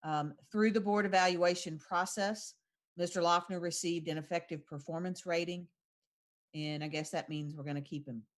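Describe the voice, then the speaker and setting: A woman runs a school board meeting as its president. Her voice sits a bit low, and she speaks haltingly, filling pauses with ums and uhs. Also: fairly even intonation. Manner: halting, with many fillers. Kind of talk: chairing a meeting.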